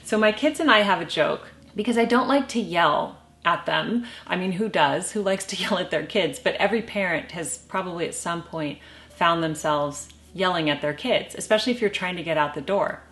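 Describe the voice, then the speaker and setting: A middle-aged woman with a slightly low voice gives morning-routine advice to camera. She speaks in a calm, measured way, with a light touch of humor. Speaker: lifestyle vlogger. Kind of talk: casual advice talk to camera.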